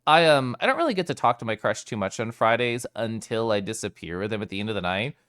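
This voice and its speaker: A man's voice: fairly low pitch, lively intonation, fast, fairly bright tone, smooth. A man streaming live, chatting casually with his viewers, playful and giggly as he greets them by name.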